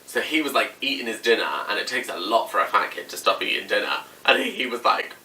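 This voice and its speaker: Chatty young man, bright voice. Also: fairly low pitch, expressive, fast, vocal fry. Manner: chatty, lots of "like", acts out quotes. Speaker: vlogger. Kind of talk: casual storytelling to camera. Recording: slightly distant mic, faint room noise.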